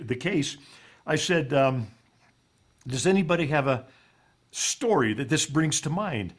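Folksy male guest storyteller, earnest, a bit higher-pitched voice. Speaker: guest speaker. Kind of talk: storytelling on a talk show.

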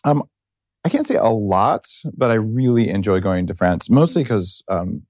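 A middle-aged man with a fairly low voice hosts a loose interview, wandering from point to point and restarting his sentences. The sound is dry and close to the mic. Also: animated, normal speed, a little mellow, no room sound. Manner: rambling, tangential, self-interrupting. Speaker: podcast host. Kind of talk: casual interview chat.

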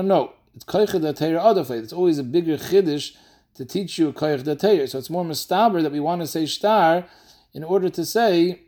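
A man teaching a daily Talmud class, explaining quickly and mixing in Aramaic and Yiddish terms. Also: on the high side, darkish tone.

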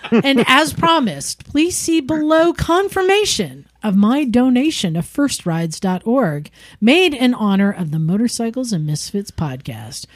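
A woman with a fairly high voice reads a listener's email on a podcast, amused and laughing as she goes. The sound is dry and close. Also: big pitch swings, measured pace, dry recording. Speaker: podcast co-host. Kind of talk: casual chat, reading listener email aloud.

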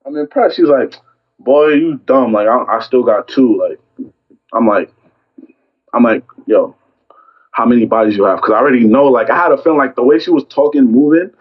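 A man's voice: medium pitch, normal speed, pauses often, husky, dull audio. Young man telling a heated story. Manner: animated storytelling, acting out both sides of an argument. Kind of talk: casual chat.

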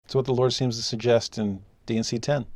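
A man with an average, middle-range voice gives a scripture lesson, speaking a little quickly with fairly level intonation. He is emphatic, moving between hushed asides and raised exclamations, and the close recording is dry.

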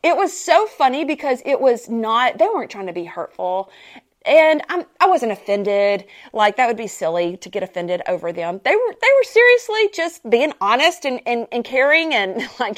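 Brief: woman, podcast host and personal trainer, bright and higher-pitched, laughing storyteller. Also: fairly quick. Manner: chatty and animated, laughs often, repeats phrases. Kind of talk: casual chat, storytelling.

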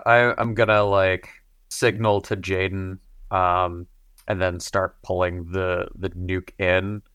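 A man's voice: deep voice, creaky, fairly bright tone, clean tone, dry recording, studio quality. A man playing a tabletop game who describes his actions hesitantly, with many fillers. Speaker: player. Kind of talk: casual tabletop play.

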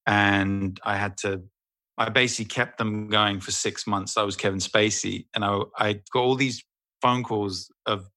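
A man telling a casual, animated, self-deprecating story as an interview guest, swearing freely. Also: fairly low pitch, normal speed. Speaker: voice actor guest.

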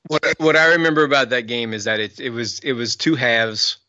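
A man's voice: mid-range voice, fairly quick, pushed and bright, no room sound. Man with a dull lo-fi sound. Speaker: podcast co-host. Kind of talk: casual sports chat.

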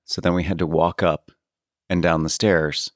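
A man's voice: low-pitched, level tone, moderate pace, no room sound. A man co-hosting a podcast, telling stories in a laid-back, dry way. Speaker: podcast co-host. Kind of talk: casual chat.

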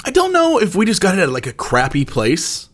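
A man in casual chat, telling a funny family story and jumping up high when quoting himself. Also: huge pitch swings, a little fast, a bit bright.

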